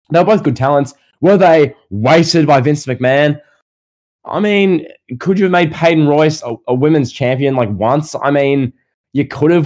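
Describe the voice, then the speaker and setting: A man's voice: a little high, a little mellow. An Australian man hosting a casual wrestling podcast, firing off rhetorical questions with a sarcastic edge. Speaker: podcast host.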